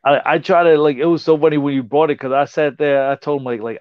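A man with a fairly high voice recalls making wrestling gear, excitable and full of exclamations. The sound is dull and lo-fi, with a dry, close feel. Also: quick pace, hardly any pauses, clean tone, no echo. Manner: exclaims often, recounts memories excitedly. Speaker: guest, wrestling gear maker. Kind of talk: casual interview chat.

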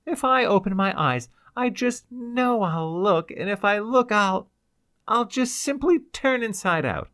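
A man's voice: high voice, lively intonation, unhurried, a bit bright, voice pushed up. A man putting on a sobbing frightened young woman.

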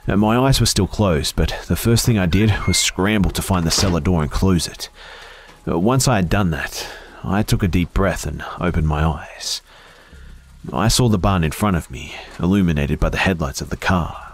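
A man reading a first-person horror story aloud in a hushed, dramatic way, slipping into whispers at tense moments. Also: low voice, moderate pace.

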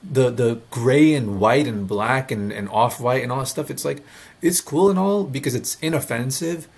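A man's voice: mid-range voice, moderate pace, gravelly, husky. A man hosting a reaction video, talking bluntly and mocking what he watches in casual, sarcastic commentary.

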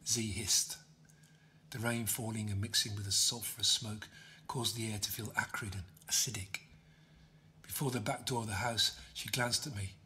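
A man reading his own novel aloud as an audiobook, steady storytelling. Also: lowish voice, normal speed. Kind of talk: audiobook narration.

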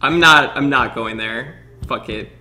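A man's voice: medium pitch, bright, forceful tone. A young man giving frightened, swearing commentary as he plays a horror game, laughing nervously. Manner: frightened, swearing, exclaiming often; slow drawn-out speech, nervous laughter. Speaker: gaming streamer.

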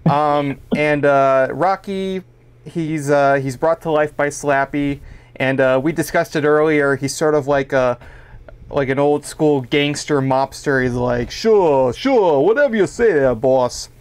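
A man's voice: a little high, fairly even intonation, unhurried, clean tone. A man hosting a fan podcast, interviewing a guest eagerly with plenty of ums and likes. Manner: eager fan, filler-heavy. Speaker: podcast host.

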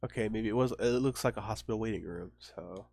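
A man's voice: on the low side, a little fast, vocal fry, a little mellow, no room sound. A man hosting a let's play, reading the game's dialogue aloud and chatting with apologetic asides. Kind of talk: casual gameplay commentary.

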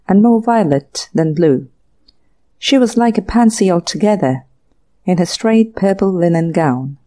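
A woman reads a classic short story aloud in a measured, even storytelling pace. Her voice is mellow and warm. It has the scripted narration of an audiobook. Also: medium pitch.

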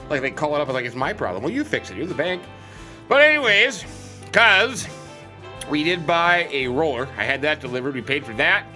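Folksy let's-play host, jokey and rambling, a bit high-pitched, bright, soft music behind. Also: male voice, lively intonation, a little fast. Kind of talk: role-play farming game commentary.

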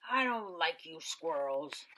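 A woman voicing a grumpy old man in a storybook, shouting his lines slowly and loudly. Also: sits low, animated, a little hiss or hum, full character voice. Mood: angry shouting. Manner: slow, loud, shouting. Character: grumpy old man who hates squirrels.

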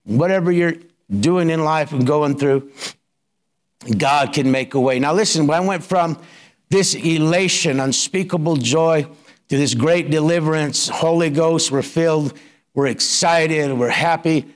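A man's voice: a little high, unhurried. A middle-aged man pastor telling his personal story in a sermon, colloquial and building to emphatic preaching.

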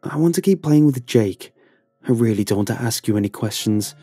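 A man's voice: low voice, flat delivery, drawn-out words, darkish tone, no room sound, soft background music, full character voice. A man voicing a desperate young man who pleads in a raised, strained voice in a horror story. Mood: pleading. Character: desperate young man, haunted by his brother.

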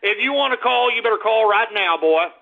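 A man hosting a call-in radio show, abrasive and yelling insults at his callers, heard with a tinny lo-fi sound. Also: high voice, expressive, a little fast, creaky. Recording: tinny lo-fi phone-line sound.

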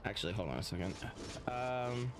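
A man's voice: on the low side, lively intonation, normal speed, background noise. A man casually commenting on his gameplay as a streamer, rambling and swearing freely.

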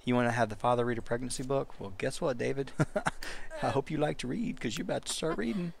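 A man's voice: medium pitch, fast talker, gravelly. A man giving casual let's play commentary, chatty and talking directly to his game characters.

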